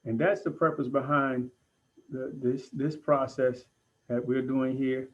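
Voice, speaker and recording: A man teaching breathing techniques in an online class, giving calm, deliberate instructions with pauses. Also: mid-range voice, dull audio. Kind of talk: guided breathing lesson.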